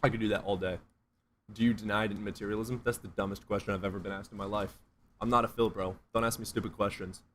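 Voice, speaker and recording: A man's voice: on the low side, steady tone, fast talker, a bit bright, slight background noise. Blunt, foul-mouthed male streamer. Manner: blunt, profane, sarcastic. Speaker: streamer answering chat. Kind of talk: casual livestream chat.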